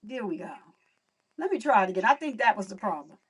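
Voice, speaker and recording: A woman's voice: mid-range voice, lively intonation, fast talker, husky, distant mic. A young woman hosting a casual livestream, chatting to viewers while fixing her audio. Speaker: livestream host.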